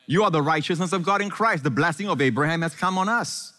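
Pitched fairly high, the pastor's voice sounds pushed and bright as he preaches in a large, echoey church hall. His sermon engages the congregation, which he quizzes with rapid questions.

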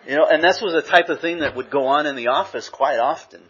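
A man's voice: on the high side, fast talker, fairly bright tone, husky. A middle-aged man from Southern California preaching a sermon in a conversational way, with lots of "you know" asides. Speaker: pastor. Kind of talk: sermon with personal storytelling. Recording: dull lo-fi recording.

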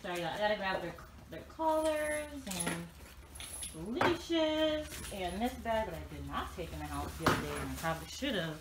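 A woman vlogging outdoors, chatting easily to her viewers and calling them y'all while she walks her dogs. She talks to the camera on a handheld phone, and steady outdoor noise runs under her voice. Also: medium pitch, moderate pace. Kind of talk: casual vlog chat. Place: outdoors on a hiking trail, then a home yard.

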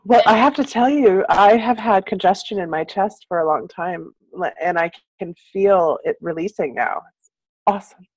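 A woman host receiving a healing session, answering in a relaxed, quietly responsive way. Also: mid-range voice, normal speed, lo-fi sound. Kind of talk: casual chat.

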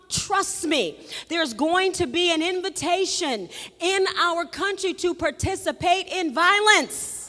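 A woman pastor delivers a live sermon with a very high voice. She moves between soft, searching repetitions and rousing shouted refrains that call for an answer from the congregation. Her voice echoes with a long reverb through a large church sanctuary. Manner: call-and-response preaching, repeats phrases, swells to shouts.

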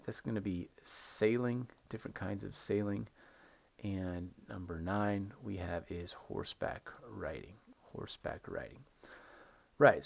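Chatty low-voiced male English teacher. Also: gravelly. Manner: chatty, repeats questions and answers them himself. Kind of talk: recorded online English lesson.

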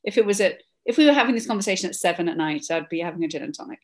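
A middle-aged woman from Scotland, telling stories in a relaxed interview and acting out the voices of the people in them. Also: lowish voice, very fast. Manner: chatty, animated storyteller, acts out quoted voices. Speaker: interview guest. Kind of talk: casual storytelling.

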